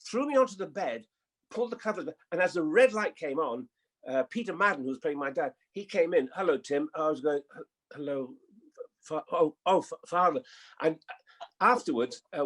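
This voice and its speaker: An older man, a guest actor, telling anecdotes in an animated way and acting out the voices in them. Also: fairly high pitch, quick pace, slightly rough. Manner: animated storyteller, acts out voices in his anecdotes. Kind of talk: anecdotal chat.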